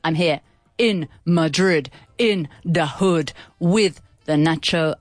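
A woman's voice: low voice, takes it slowly, no echo, faint music behind. A middle-aged woman from England co-hosting a radio show, chatting casually and teasing her co-host, laughing often. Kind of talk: casual bilingual radio chat.

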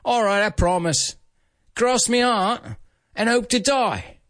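A man's voice: high voice, takes it slowly, a bit bright, dry recording, studio quality, pitched above the performer's own voice. A man putting on British rocker voices. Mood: bickering. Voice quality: cockney-ish rocker drawl. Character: two young British rocker men bickering. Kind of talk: reading a film scene aloud.

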